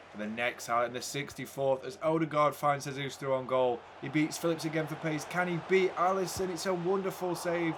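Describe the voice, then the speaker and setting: A man's voice: mid-range voice, a bit bright, a little hiss or hum. A young man commentating a football video game casually, swinging between hype and frustrated ranting. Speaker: gaming YouTuber.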